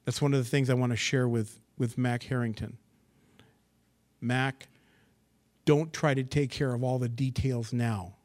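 A male pastor preaching a sermon, with a voice at a middle pitch. He reads scripture aloud and then comments on it. His delivery moves between soft, near-whispered asides and loud, rising bursts. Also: a little slow, long pauses. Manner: expressive preaching, swings from hushed asides to excited bursts. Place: church assembly.

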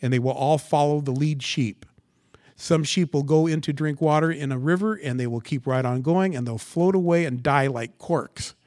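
A man preaching a sermon, asking the congregation rhetorical questions and swinging from quiet asides to loud, dramatic scripture reading. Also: a little high, moderate pace, dry recording, studio quality. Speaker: pastor.

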